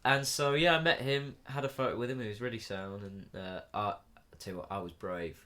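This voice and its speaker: A young man, co-hosting a podcast, telling a lively anecdote with swearing and laughter. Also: mid-range voice, fairly quick. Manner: animated storyteller, swears and laughs mid-anecdote. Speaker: podcast co-host. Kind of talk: casual chat.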